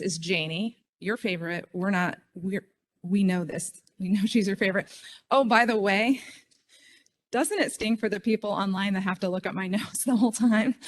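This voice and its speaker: A middle-aged woman speaks at a conference podium. Her delivery is chatty and self-deprecating, full of ums and quick asides as she talks to the room. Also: medium pitch. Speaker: state official speaking at a conference. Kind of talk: conference speech.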